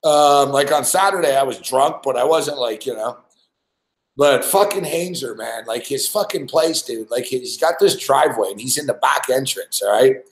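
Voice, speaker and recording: At a normal pace and mid-range pitch, a young man from Montreal, Canada, shares a loose, foul-mouthed story on his podcast. He laughs and says "like" constantly as the tale wanders, and the room has an echo.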